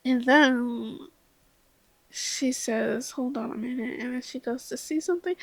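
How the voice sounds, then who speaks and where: A young woman vlogger telling a rambling, self-deprecating story in casual chat, a little tipsy, with laughs and soft whispered asides. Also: high-pitched, gravelly, no echo.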